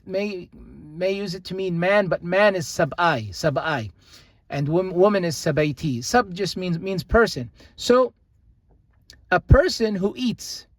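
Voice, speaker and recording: A man's voice: fairly high pitch, no echo. Patient man teaching grammar, dry close sound. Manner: patient, repeats example words slowly. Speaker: language teacher. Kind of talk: recorded grammar lesson.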